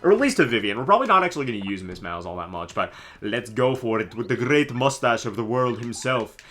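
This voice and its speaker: A man's voice: medium pitch, lively intonation, fast, pushed and bright, soft background music. A young man giving casual, joking live commentary on a video game in a goofy, slangy way. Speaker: gaming streamer.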